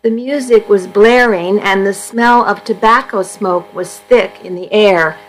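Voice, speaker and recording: A woman volunteer reading a first-person magazine story aloud for a radio reading service, in a steady, unhurried storytelling manner. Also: mid-range voice, faint music behind, poor audio.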